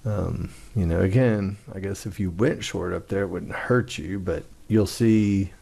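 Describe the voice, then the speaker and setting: Low gravelly man explaining trades. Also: measured pace, warm tone. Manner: casual, conversational, acts out trader frustration. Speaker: trading instructor. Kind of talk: screen-share trading walkthrough.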